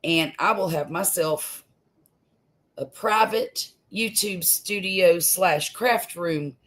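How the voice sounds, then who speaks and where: Slow, low-voiced grandmother chatting. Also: a bit bright. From US Gulf Coast. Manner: chatty, homey, laughs easily, trails off with fillers. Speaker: live-stream host. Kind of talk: casual live-stream chat. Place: home room.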